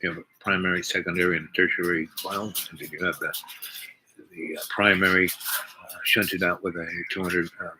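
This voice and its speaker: A man voicing a polite, businesslike male federal agent who asks calm, matter-of-fact questions. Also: deep voice, moderate pace, lightly acted. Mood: curious. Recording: noisy recording with clicks.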